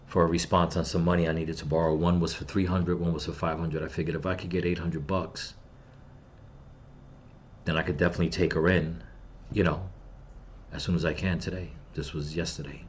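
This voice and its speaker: A middle-aged channel host with a low voice and flat delivery speaks at a moderate pace, pausing often, over slight hiss or hum. In an angry personal vlog, he recounts his loss in grief, then turns to bitter, heavily profane ranting at those he blames.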